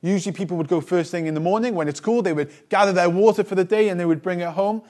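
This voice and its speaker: A man delivering a sermon in a slightly higher-pitched voice. He reads scripture aloud and then unpacks it in a conversational tone with the odd light aside, and his phrases often fall away softly at the end. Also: fast talker. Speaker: preacher. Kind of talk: sermon with Bible reading.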